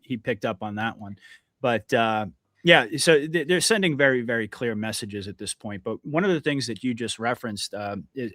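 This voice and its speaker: A man's voice: medium pitch, bright, forceful tone, no room sound. Earnest male podcast host, dry sound. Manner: earnest and emphatic, many restarts. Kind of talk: casual conversational interview.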